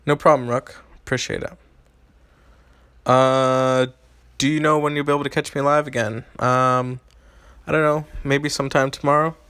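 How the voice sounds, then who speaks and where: A man's voice: mid-range voice, little pitch movement, moderate pace, fairly bright tone, clean tone, dry recording. A young man streaming a mobile game, reading out and answering chat questions in a loose, hesitant way with lots of ums and restarts. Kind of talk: casual live-stream chat.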